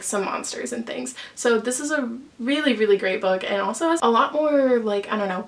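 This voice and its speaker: A young woman, chatting casually and gushing about books she loves, full of "like" fillers. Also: medium pitch. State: out of breath. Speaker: book vlogger. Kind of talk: casual book recommendations.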